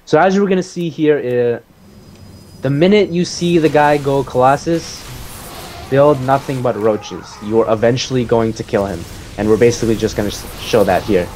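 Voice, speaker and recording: A man casually explaining his own strategy game match as he plays it, relaxed, with many fillers. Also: mid-range voice, normal speed, faint music behind.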